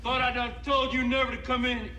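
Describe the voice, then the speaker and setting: An actor playing a menacing, loud-mouthed Old West outlaw with a sneering, bullying drawl, heard in a film clip. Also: male voice, very high voice, level tone, brisk. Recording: distant film clip with background noise.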